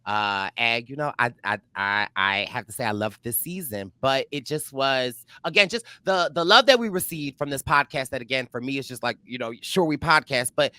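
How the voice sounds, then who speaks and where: A young man co-hosting a podcast, telling animated stories with lots of fillers and acted-out quotes. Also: medium pitch, normal speed, hardly any pauses, no echo. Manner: animated storyteller, acts out quotes, many fillers. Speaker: podcast co-host. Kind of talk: casual chat.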